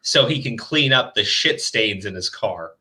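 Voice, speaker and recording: Brief: sharp, bright-voiced male host, cuts in often, emphatic and profane. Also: fairly low pitch, lively intonation, measured pace. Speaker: podcast host. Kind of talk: casual chat.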